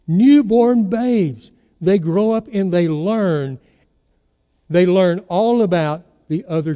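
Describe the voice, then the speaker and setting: A man's voice: fairly high pitch, dark tone, long reverb tail. A man preaching a sermon as pastor, telling stories and putting questions to his congregation. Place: church sanctuary.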